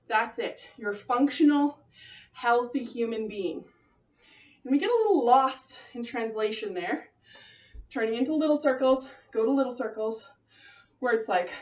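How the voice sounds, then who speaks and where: Woman fitness instructor, high voice, winded, chatty and upbeat, recorded from across an echoey home room. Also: far from the mic. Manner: encouraging, chatty, laughs often. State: out of breath. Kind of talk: leading a home cardio workout.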